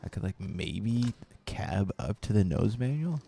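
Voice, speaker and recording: Low gravelly-voiced man streaming a game. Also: big pitch swings, measured pace, noisy background. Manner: rambling, hesitant, reads chat aloud. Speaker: streamer playing a BMX game. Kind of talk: casual live-stream chat with viewers.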